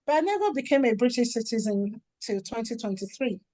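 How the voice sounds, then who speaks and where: A middle-aged woman from Nigeria, a charity founder and author, talking in an interview and acting out the dialogue in her stories with lively energy. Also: a little high, brisk, dry recording. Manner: animated storytelling, acts out quoted dialogue. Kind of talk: conversational interview.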